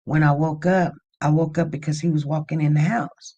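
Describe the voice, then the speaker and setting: A livestream host with a low-sitting voice tells a story in a casual, chatty way at a moderate pace. She's animated, rising to loud near-shouts when she gets worked up, and the sound is lo-fi.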